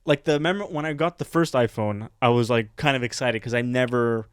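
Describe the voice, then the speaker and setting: A man's voice: medium pitch, brisk, smooth, dry recording, clean studio sound. A man co-hosting a casual comedy podcast, rambling and swearing as he trails off mid-thought. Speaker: podcast co-host.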